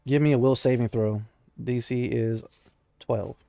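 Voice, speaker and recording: A man's voice: mid-range voice, steady tone, a little slow, creaky, mellow, no echo, studio quality. A man narrating a tabletop game as game master, telling the story with energy.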